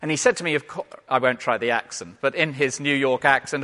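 A man's voice: mid-range voice, brisk, hardly any pauses. Man preaching a sermon in a reverberant hall. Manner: animated, emphatic, shifts between loud and hushed.

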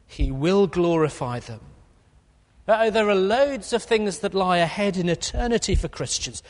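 A man's voice: high-pitched, expressive, unhurried. A man preaching an earnest expository sermon, with a few fillers. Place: church. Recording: long hall reverb.

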